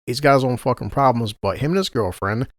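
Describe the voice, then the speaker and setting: A man's voice: medium pitch, brisk, no room sound, clean studio sound. A man, a podcast co-host telling a family story in casual, profane chat and laughing often.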